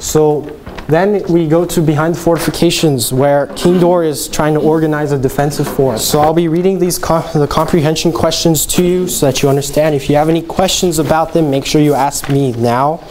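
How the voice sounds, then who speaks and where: A teenage boy with a slightly high voice teaching vocabulary to a class. He says each word slowly and carefully, like a student playing teacher. Faint background noise sits under the recording. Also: fairly even intonation, a little mellow. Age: teens. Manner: careful, deliberate enunciation. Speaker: student presenter.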